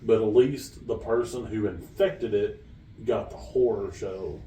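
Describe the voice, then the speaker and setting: Low mellow-voiced man, wry and dry. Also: measured pace. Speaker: podcast co-host. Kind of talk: casual chat. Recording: roomy echo, mic far off, faint room noise.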